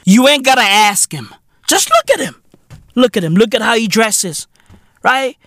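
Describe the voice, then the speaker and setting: A man tears into his subject in a comedic podcast rant, loud, profane and mocking. His pitch leaps and swoops all over the place. The sound is dry and close, with no room around it. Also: big pitch swings, measured pace, dry recording. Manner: loud, profane, mocking, often breaks into shouts and laughs. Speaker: podcast host.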